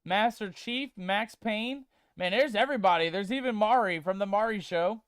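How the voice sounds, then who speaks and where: A man's voice: sits high, moderate pace, a bit bright, smooth, dry recording, studio quality. A man streaming a game, chatting casually and playfully with viewers he calls mateys while reading chat aloud. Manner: reads chat aloud and tests text-to-speech voices.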